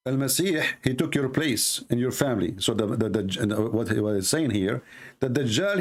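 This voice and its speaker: On a live debate show, an Arabic-accented host whose first language is Arabic argues emphatically, repeating phrases and slowing to stress points. His mid-range voice is animated.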